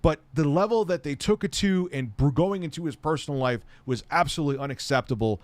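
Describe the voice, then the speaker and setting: A man's voice: fairly high pitch, fast, no echo. A man answering viewer questions on a casual live stream, blunt and rambling, often heated and swearing.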